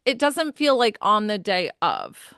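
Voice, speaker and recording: A woman's voice: mid-range voice, wildly swooping pitch, measured pace, fairly bright tone, no echo, studio quality. A woman giving a medium reading in a chatty, casual way, with lots of fillers and frequent laughs.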